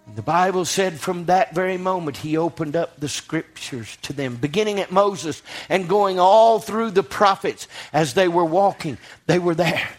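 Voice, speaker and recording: A man's voice: high-pitched, normal speed, hardly any pauses. A man preaching a sermon in a church, rising to fervent passages and putting questions to his congregation.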